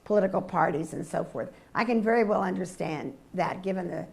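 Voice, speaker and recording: An older woman answering audience questions at a public lecture, measured and thoughtful, often affirming with quiet yeahs. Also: lowish voice, vocal fry. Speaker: guest lecturer.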